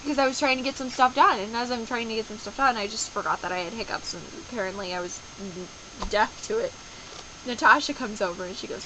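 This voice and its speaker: Chatty bright-voiced young woman vlogging. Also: a little high, moderate pace, slight background noise, rough recording. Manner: chatty and rambling, animated with playful voices. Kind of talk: casual daily video diary.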